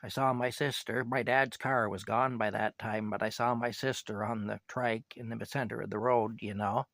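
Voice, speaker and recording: A man's voice: lowish voice, steady tone, moderate pace, gravelly, fairly bright tone, no room sound. An older man telling a personal story in a casual, rambling way, often saying "anyway" and "you know".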